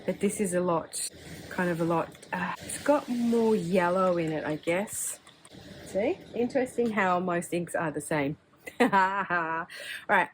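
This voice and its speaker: A woman's voice: on the low side, a little hiss or hum, poor audio. An Australian woman chatting casually as she swatches fountain pen inks, rambling and chatty, sometimes breaking into bits of song. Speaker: fountain pen ink vlogger.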